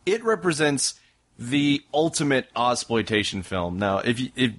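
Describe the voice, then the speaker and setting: A man's voice: mid-range voice, a bit bright. Jokey man riffing on movies. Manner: jokey, quick riffing asides. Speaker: podcast co-host. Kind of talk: casual movie review chat.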